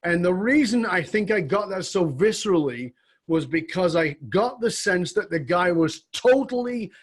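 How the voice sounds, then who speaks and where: A man's voice: high-pitched, animated, normal speed, slightly rough. A man hosting a conversational interview, speaking reflectively and building to emphatic questions. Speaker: podcast host.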